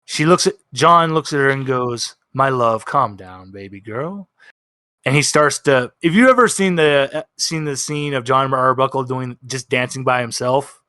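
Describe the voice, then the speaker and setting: A man narrating a tabletop role-playing session as game master, telling the story slowly and dramatically and voicing the characters' lines. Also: medium pitch, bright, forceful tone, clean tone, no room sound, clean studio sound. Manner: slow, dramatic storytelling with voiced quotes.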